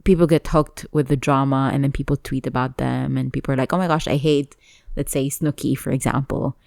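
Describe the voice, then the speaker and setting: A woman's voice: extremely low pitch, little pitch movement, fairly quick, gravelly, a little mellow, no echo, clean studio sound. A woman co-hosting a podcast, chatting casually and laughing often. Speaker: podcast co-host. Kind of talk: casual chat.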